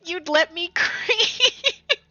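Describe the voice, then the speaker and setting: A woman's voice: very high voice, lively intonation, extremely slow, pushed and bright, no echo. A young woman streaming from home, talking to her chat at her computer and reading a game aloud. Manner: talks straight to chat, reads game text aloud. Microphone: desk mic at a computer. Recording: dull lo-fi dry mic, faint music.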